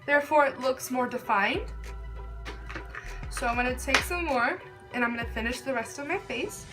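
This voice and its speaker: A woman's voice: high voice, moderate pace, music in the background. A young woman chatting casually through a makeup tutorial, gushing and filling her talk with "like.". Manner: chatty, gushing, filler-heavy "like". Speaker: beauty vlogger.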